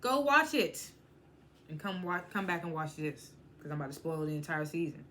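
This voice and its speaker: A woman's voice: low voice, big pitch swings, normal speed, fairly bright tone, slight background noise. A woman reviewing TV shows in a casual, chatty recap. She often stumbles and restarts her words and laughs as she retells scenes. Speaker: TV show reviewer.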